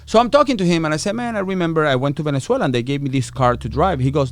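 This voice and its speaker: A man's voice: fairly high pitch, lively intonation, quick pace, no echo. A middle-aged man, a podcast guest, telling a story in a casual, profane way, acting out the voices of people he quotes. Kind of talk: storytelling interview.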